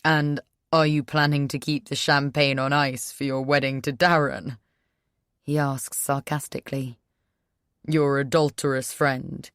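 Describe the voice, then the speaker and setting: A woman's voice: sits low, unhurried, a little mellow, no room sound, studio quality. A woman voicing a hurt young man who pleads and turns sarcastic, in an audiobook reading. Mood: bitter.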